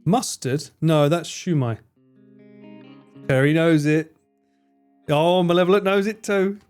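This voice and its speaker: A man's voice: fairly high pitch, a little mellow, clear, resonant tone. A British man streaming live, bantering with his chat, joking and swearing freely. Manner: banter with chat, frequent swearing, quick jokes. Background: faint guitar music.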